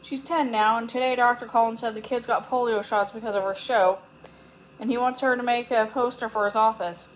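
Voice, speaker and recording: An eager, chatty young girl, played by a woman reading a storybook, rattles on in a high-ish voice. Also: steady tone, brisk, slight background noise, natural voice, poor audio.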